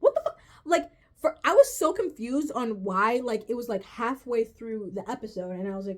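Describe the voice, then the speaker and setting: A woman's voice: a little high, sing-song, moderate pace, a little mellow. A woman ranting casually to her viewers, profane and exasperated, rambling with restarts and self-corrections. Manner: profane and exasperated, says "bro" often. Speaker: vlogger reviewing a TV finale. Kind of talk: casual rant to camera.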